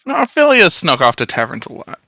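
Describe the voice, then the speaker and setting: A man's voice: a little high, wildly swooping pitch, brisk, vocal fry, sharp tone, no room sound. A man running a tabletop game as game master, loose and profane, laughing often with his players.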